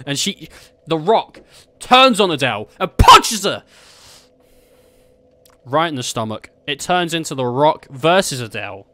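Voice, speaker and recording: A man's voice: on the high side, big pitch swings, a little slow, pauses often, pushed and bright, no echo. A man rambling through a silly made-up story while playing a game, swearing and laughing often. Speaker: gaming streamer.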